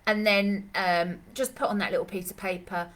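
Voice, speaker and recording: A woman's voice: medium pitch, fairly even intonation, normal speed, a bit bright. A woman dog trainer answering questions in a live Q&A, chatty and rambling, with lots of fillers and restarts, speaking. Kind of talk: live Q&A session.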